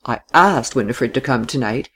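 A reader voicing a lively young woman who laughs and teases, with a high mocking way of talking. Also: normal speed, breathy edge. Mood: prying.

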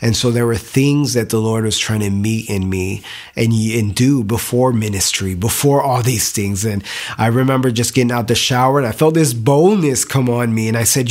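A man's voice: mid-range voice, moderate pace, darkish tone. A young adult man giving an earnest, emotional personal testimony, speaking with frequent restarts.

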